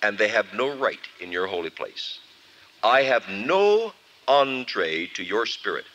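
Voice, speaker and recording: Animated man preaching a sermon. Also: medium pitch, low-quality recording. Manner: animated storytelling, acts out scenes. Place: camp meeting before a live audience. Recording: archival 1979 camp meeting recording.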